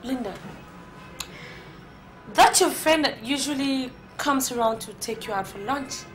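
An actress with a Nigerian accent playing a sharp-tongued young woman who teases and mocks her friends' advice. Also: sits high, measured pace. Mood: sarcastic. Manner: sarcastic, teasing. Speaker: the actress. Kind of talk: Nollywood film acting. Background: film score music.

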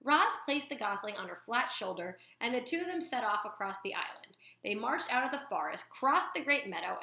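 A woman reading a children's novel aloud to young listeners in an expressive storytelling manner. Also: a little high, roomy sound. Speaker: storytime reader.

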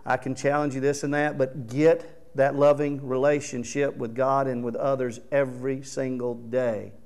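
A man's voice: medium pitch, level tone, moderate pace, darkish tone. A man preaching a sermon as pastor, earnest and exhorting, reading scripture aloud with rising emphasis.

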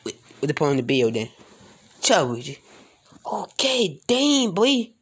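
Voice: mid-range voice, very animated, normal speed, husky. A speaker improvising a plush toy role-play in a rambling, mumbly way, full of slang and filler sounds.

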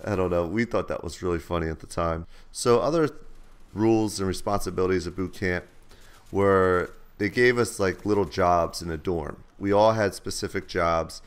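Low-voiced man telling stories over gameplay. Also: moderate pace, clean tone. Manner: laid-back, slangy, profane. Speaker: gaming channel host. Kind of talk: casual storytelling over gameplay.

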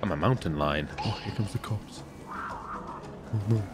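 A man giving excited, chatty commentary on his own gameplay as a streamer, giggling and narrating each move. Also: deep voice, fairly quick, over music. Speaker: streamer playing a roleplay game.

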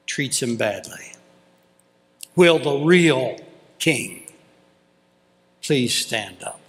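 A man preaching a sermon as pastor, dramatic, with long pauses for emphasis. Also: on the high side, a bit bright. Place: church. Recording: long reverb of a church hall.

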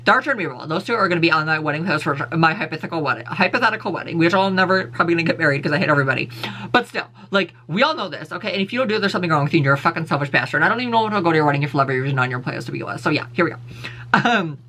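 A man's voice: on the high side, animated, rapid-fire, bright, forceful tone. A man ranting on his vlog, sassy, blunt and full of profanity. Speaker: vlogger. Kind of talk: casual opinion rant.

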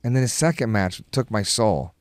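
A man's voice: fairly low pitch, animated, moderate pace, no room sound, clean studio sound. A middle-aged man, a podcast guest, telling rambling, profane stories in casual chat and laughing as he goes.

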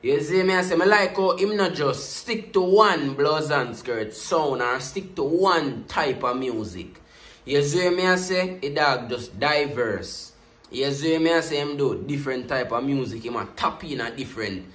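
A Jamaican man reacts to a music video with casual commentary in patois, staying animated and looping back to the same catchphrase refrains. His voice is fairly high and measured in pace, with a reverberant sound.

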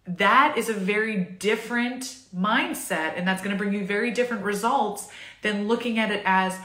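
Woman, thirties, bright tone, echoey room, bubbly tarot reading to camera. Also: mid-range voice, moderate pace. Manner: bubbly and chatty, laughing often. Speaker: tarot reader.

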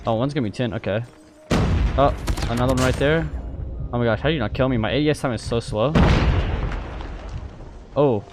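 A young man giving live commentary over his own gameplay, excitable, jumping between loud outbursts and muttered callouts. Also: mid-range voice, fairly quick, long pauses. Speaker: gaming YouTuber. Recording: music playing under gunfire.

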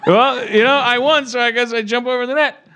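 A man hosting a podcast, goofing through an improvised comedy scene with self-mocking bursts of shouting. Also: very high voice, fairly even intonation, fairly quick, very noisy. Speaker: podcast host.

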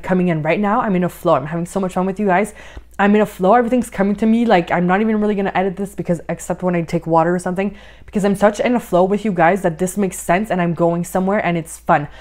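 A woman life coach talking through a podcast lesson in an encouraging way, often saying "like" and a little out of breath. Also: mid-range voice. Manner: warm, encouraging, uses many "like" fillers. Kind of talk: podcast monologue, guided coaching.

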